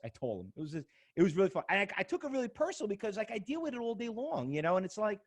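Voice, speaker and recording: Middle-aged male trading instructor, live seminar, emphatic and excitable, high and lively delivery. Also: rapid-fire, hardly any pauses. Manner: excitable and emphatic, repeats words, acts out arguments. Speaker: trading instructor presenting at an expo. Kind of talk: animated live seminar talk to an audience.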